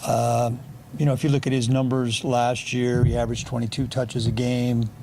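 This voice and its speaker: A man's voice: medium pitch, little pitch movement, normal speed, noisy background. A middle-aged man, a football coach, answering reporters' questions at a press conference in a blunt, dry way. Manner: blunt, dry, with sarcastic humor. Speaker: football offensive coordinator.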